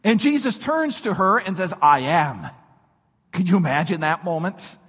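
A man preaching a sermon, his voice weak this morning, swinging from shouts to near-whispers. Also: high voice, big pitch swings, moderate pace, breathy edge, in a large hall. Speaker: pastor.

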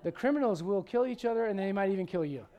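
A man's voice: sits high, lively intonation, quick pace, lo-fi sound, some chatter behind. A man in his forties preaching a sermon, acting out Bible characters with humor. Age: 40s. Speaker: pastor.

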